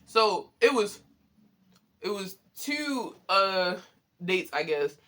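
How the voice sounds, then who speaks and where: A young man telling a story in a casual, animated, profane way, exasperated and often laughing. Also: sits high, extremely slow. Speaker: vlogger.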